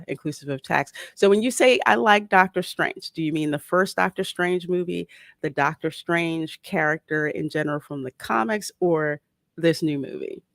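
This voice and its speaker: A woman hosting a live-stream movie chat, her voice sitting on the low side. She reads out viewers' names and gives frank, opinionated takes. The sound is dry, with no room echo. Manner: greets chat viewers by name, blunt and opinionated.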